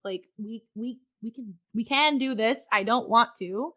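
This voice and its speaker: A woman's voice: on the high side, unhurried, sharp tone. A woman guest on a podcast, frankly telling a personal story in conversation and swearing freely.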